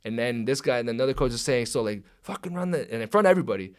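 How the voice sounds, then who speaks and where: A young man talks quickly on a podcast, swearing freely as he tells a story. He slips into the voices of the people in it and acts out what they said. His pitch sits in an ordinary middle range. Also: clear, resonant tone. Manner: profane, animated, acts out quoted dialogue. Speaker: podcast guest, pro wrestler. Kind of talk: casual storytelling chat.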